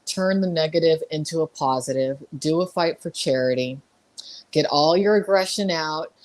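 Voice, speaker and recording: A woman with a fairly low voice hosts the chat. She speaks in a measured, reassuring way, stumbling and repeating words as she searches for her advice. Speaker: podcast host.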